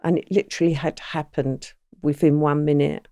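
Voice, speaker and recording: A woman's voice: low-pitched, level tone, normal speed, dark tone, no room sound, studio quality. A woman as an interview guest, giving a plain, matter-of-fact first-person account with quoted dialogue.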